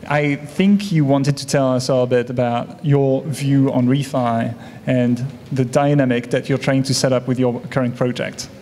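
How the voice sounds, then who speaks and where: A man's voice: medium pitch, level tone, measured pace, hardly any pauses, mellow, a little hiss or hum. Man introducing a conference in a reverberant hall. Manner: hesitant, with many filler sounds. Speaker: conference host. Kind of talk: event introduction.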